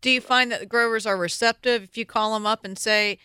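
A woman's voice: fairly high pitch, fairly even intonation, brisk, sharp tone, smooth, no room sound, clean studio sound. A woman hosting a radio interview, joking with her guest and asking pointed questions. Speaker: radio show host.

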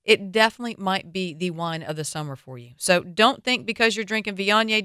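A woman's voice: medium pitch, expressive, brisk, sharp tone, clean tone, no room sound, clean studio sound. A woman with a Southern US accent hosting a radio wine show, talking in a chatty, opinionated way with playful asides.

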